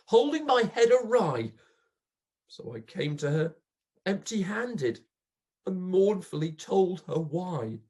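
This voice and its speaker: A reader performing a dramatic poetry recitation as a grief-stricken old male pauper, bitter and accusing, swinging melodramatically from hushed to loud. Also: medium pitch, breathy edge, full character voice. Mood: mournful.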